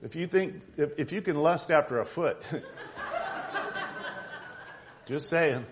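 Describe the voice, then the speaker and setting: A man's voice: a little high, slow pace, background noise. A man delivers a sermon in an easy, conversational way. He jokes and asides, and his voice sits slightly above the usual male range. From Tucson, Arizona. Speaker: pastor.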